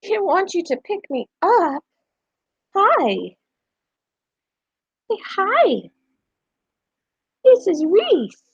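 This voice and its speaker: A woman voicing a small, fussy female guinea pig in a high, put-upon whine. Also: huge pitch swings, extremely slow, long pauses, no echo, dull audio, full character voice.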